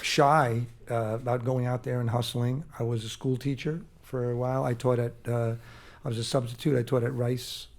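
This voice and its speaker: A man being interviewed on stage as a guest actor, talking in a halting way with many restarts and fillers. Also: mid-range voice, level tone. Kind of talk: casual interview on a live stage. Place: theater stage before a live audience.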